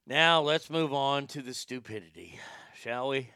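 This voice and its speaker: A man's voice: medium pitch, unhurried, sharp tone, clear, resonant tone, no echo. A man hosting a ranting commentary show, crude and mocking, often stammering and restarting his sentences. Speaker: commentary podcast host.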